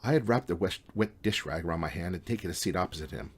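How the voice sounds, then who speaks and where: Author-narrator, male, relaxed wry novel reading, deep and husky. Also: fast. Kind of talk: audiobook reading.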